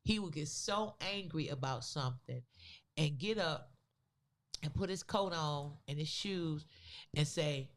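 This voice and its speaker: A woman co-hosting a podcast, telling a personal story in a casual, animated way with loose, vernacular phrasing. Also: deep voice, unhurried. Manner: animated, acts out the people in her story. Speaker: podcast co-host.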